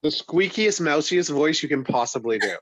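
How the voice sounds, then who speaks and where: A man player joking and reacting quickly during game prep. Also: on the high side, expressive, a bit bright, no room sound, rough recording. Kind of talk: casual game prep chat.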